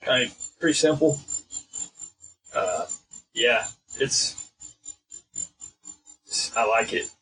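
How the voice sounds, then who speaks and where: A man's voice: medium pitch, expressive, slow, long pauses, pushed and bright, husky, poor audio. A young man co-hosting a podcast, talking in an easygoing, agreeable way with frequent fillers. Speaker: podcast co-host. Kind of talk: casual chat.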